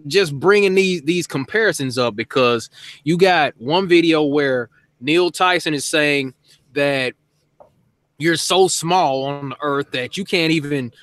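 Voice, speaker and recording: Easygoing man with a slightly high voice. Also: fairly bright tone, dry recording. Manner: laid-back, rambling, laughs often. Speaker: host. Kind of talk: casual chat.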